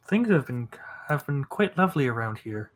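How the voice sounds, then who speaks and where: A man's voice: mid-range voice, very animated, normal speed. A man playing a proud, courteous farmer father. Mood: proud homely. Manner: homely, courteous, a little hesitant. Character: polite middle-aged male farmer, proud father.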